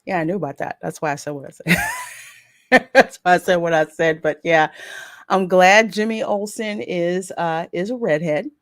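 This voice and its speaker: A woman hosting a casual pop culture podcast, opinionated and animated, often laughing. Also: lowish voice, normal speed, no echo, clean studio sound. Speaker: podcast host.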